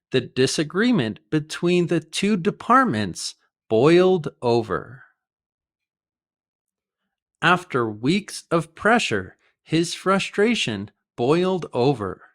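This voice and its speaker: Slow, lively-voiced teacher. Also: male voice, on the high side. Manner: slow, careful explanations with example sentences. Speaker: English teacher. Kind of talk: scripted idiom lesson.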